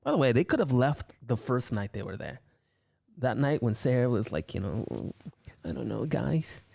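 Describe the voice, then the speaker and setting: A man giving a casual horror film review, retelling scenes in an animated way with frequent swearing. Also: mid-range voice, moderate pace, vocal fry.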